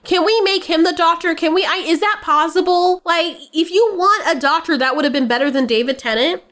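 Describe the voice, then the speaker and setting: A woman's voice: very high-pitched, fairly quick, a bit bright. A young woman giving casual, blunt, profane and sarcastic commentary as a reaction vlogger.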